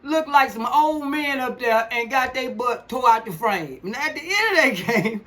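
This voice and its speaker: A man's voice: extremely high pitch, animated, normal speed, a bit bright. An older man co-hosting a casual podcast, blunt and rambling, laughing often. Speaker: podcast co-host, father. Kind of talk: casual sports chat.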